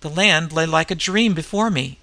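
A man's voice: a little high, normal speed, gravelly, bright, forceful tone. A man voicing a dazed barbarian warrior. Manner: grim and dazed. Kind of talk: audiobook reading.

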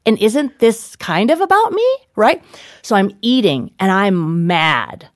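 A woman guest in an interview, an author telling animated stories with frequent laughter. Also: medium pitch, slow pace, no echo, clean studio sound. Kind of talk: interview storytelling.

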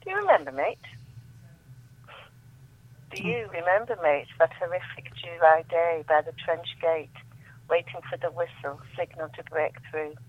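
A woman on the phone reading her poems aloud with measured, emphatic delivery. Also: on the low side, lively intonation, dry recording. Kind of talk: poetry reading over the phone. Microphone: telephone. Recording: tinny dry phone line.

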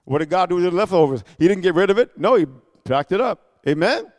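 A man preaching a sermon, animated, with constant call-and-response amens and hallelujahs. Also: high-pitched, fairly quick. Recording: echoey hall.

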